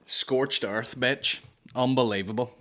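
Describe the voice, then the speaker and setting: A man's voice: medium pitch, takes it slowly, fairly bright tone. A man with a Northern Irish accent hosting a comedy podcast, telling sweary, rambling stories and slipping into put-on voices. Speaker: podcast host. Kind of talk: casual comedy monologue.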